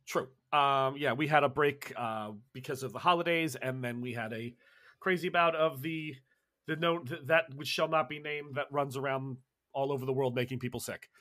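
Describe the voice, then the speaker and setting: A man's voice: medium pitch, normal speed, a bit bright, dry recording, studio quality. A man running a tabletop role-playing game, narrating casually with lots of fillers and restarts. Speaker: game master.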